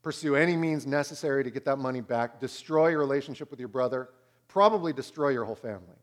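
A pastor in his thirties preaching a sermon, swinging between loud and hushed. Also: mid-range voice, fast.

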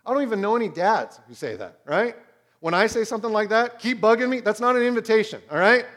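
A pastor in his thirties preaching a sermon, swinging between loud and hushed. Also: high-pitched, lively intonation, fast.

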